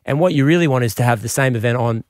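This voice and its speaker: An Australian man speaking as a politician guest in a radio studio, steady and earnest with small restarts. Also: medium pitch, racing, dry recording. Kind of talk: radio interview.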